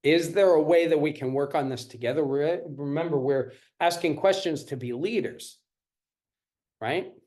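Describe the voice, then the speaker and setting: A man's voice: fairly high pitch, moderate pace, a little mellow. A man teaching a live-streamed parenting class. He repeats his points and keeps checking in with the audience. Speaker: parenting coach.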